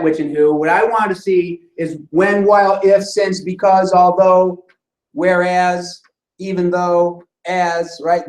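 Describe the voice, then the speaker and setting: A man's voice: sits high, a little mellow. A man teaching a classroom lesson on grammar, explaining step by step and often checking in with the class. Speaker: instructor. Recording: roomy sound from a distant mic.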